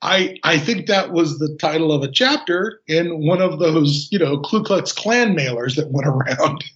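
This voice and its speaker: A man talking as a podcast guest, retelling a film with animated sarcasm. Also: on the high side, normal speed. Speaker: podcast guest, game designer. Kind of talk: casual film discussion. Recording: dull lo-fi audio.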